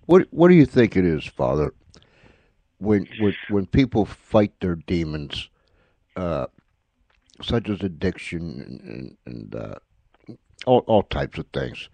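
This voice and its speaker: A man hosting an interview, asking a question in a halting way and repeating words as he searches for them. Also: deep voice, sing-song, vocal fry, mellow, dry recording. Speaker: radio show host.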